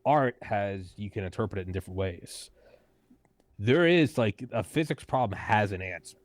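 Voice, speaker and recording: Lower-voiced man telling a profane, animated story. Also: moderate pace, no room sound. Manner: animated, profane, acts out quoted people; frequent "like" fillers and restarts. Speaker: podcast host and guest. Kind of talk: casual conversational storytelling.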